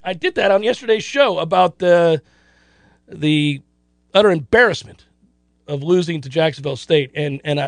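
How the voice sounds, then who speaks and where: A middle-aged man hosting a sports radio show, chatting casually and telling stories in an animated, self-deprecating way. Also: fairly high pitch, moderate pace, creaky, no room sound. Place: radio studio.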